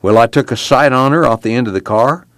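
A man's voice: medium pitch, fairly quick, no room sound, clean studio sound, voice pushed up, natural voice. A man voicing a blunt, practical young man in an audiobook reading. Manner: curt, matter-of-fact.

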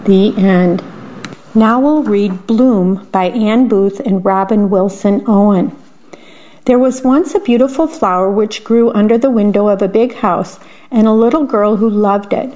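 A woman reading picture books aloud, gently adding her own comments on the pictures. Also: mid-range voice, a little slow, lo-fi sound. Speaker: storyteller.

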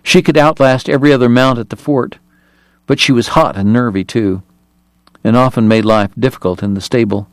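A man's voice: mid-range voice, brisk, dry recording. Man narrating an audiobook, dry close sound.

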